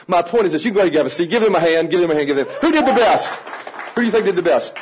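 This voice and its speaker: A man teaching a room of adults how to work with children, energetic and playful, coaxing the audience to join in. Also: sits high, very fast, a little hiss or hum, rough recording. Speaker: children's ministry trainer. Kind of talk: lively teaching talk to an audience.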